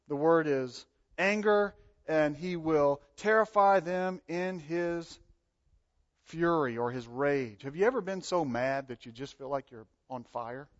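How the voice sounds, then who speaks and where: A man preaching a sermon, animated, acting out the voices he quotes and swinging between loud and soft. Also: a little high. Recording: dull lo-fi sound.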